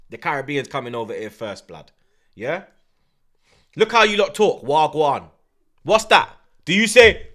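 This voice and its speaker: A man with a Jamaican accent hosting a stream, ranting loudly and teasingly in slang and patois. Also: high voice, sing-song, moderate pace. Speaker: host. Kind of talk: heated livestream rant.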